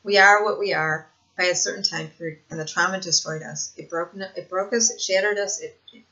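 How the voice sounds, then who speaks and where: A woman's voice: lowish voice, fairly even intonation, a little fast, pushed and bright. Earnest older woman talking to camera. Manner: earnest, repetitive, laughs often. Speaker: vlogger sharing lived experience. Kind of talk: casual monologue to camera. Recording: dull lo-fi home recording.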